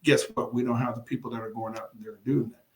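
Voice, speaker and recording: A man's voice: mid-range voice, flat delivery, fast talker, darkish tone. A man running for city council, talking emphatically in a casual interview, repeating words for stress and laughing often. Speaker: city council candidate and commissioner. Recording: echoey room.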